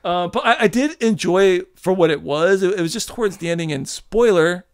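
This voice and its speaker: A podcast host with a high, clean-toned voice chats casually at a brisk pace, his intonation lively and animated. He swears freely and acts out what other people might say.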